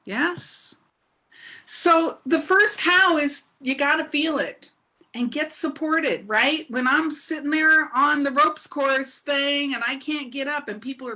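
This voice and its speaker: A middle-aged woman preaches a sermon in a bright, ringing voice that sits fairly high. She tells her story with energy and laughter, and she keeps turning to her listeners with questions. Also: slow pace. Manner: animated, laughing storyteller who asks the congregation questions. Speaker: minister.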